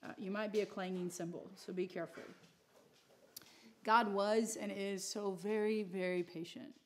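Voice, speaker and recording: A woman's voice: medium pitch, steady tone, normal speed, a little hiss or hum. A woman teaching a Bible study class in a casual, joking way, with asides to the room. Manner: chatty and joking, with asides to the audience.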